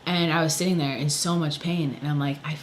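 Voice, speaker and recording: A man's voice: on the high side, steady tone, fairly quick, slight background noise, low-quality recording. A man, a songwriter, ranting angrily in a casual vlog, swearing often and filling with "you know" and "like". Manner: angry, profane, many fillers. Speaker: songwriter vlogger.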